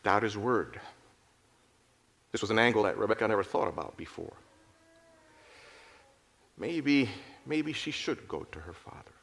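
A man narrating a moral story in an expressive, dramatic storytelling manner. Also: fairly low pitch, unhurried, vocal fry, long pauses. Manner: expressive, lively storytelling with restarts.

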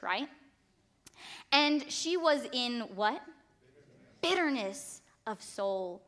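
A woman's voice: a little high, a bit bright. A woman preacher giving a passionate sermon, emphatic and fond of repetition.

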